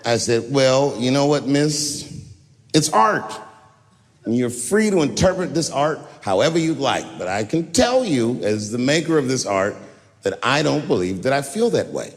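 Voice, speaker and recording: A man's voice: medium pitch, big pitch swings, normal speed. A man doing stand-up comedy, telling stories in a loose, conversational way and acting out other people's voices. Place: theater stage. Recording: live show in a large hall, faint ambience.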